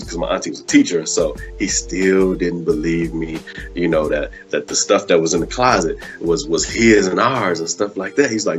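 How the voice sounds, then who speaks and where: Deep-voiced man telling a story casually. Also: moderate pace, faint music behind. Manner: animated storyteller, acts out quotes, says "man" often. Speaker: host of a live web show. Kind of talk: casual storytelling and show talk.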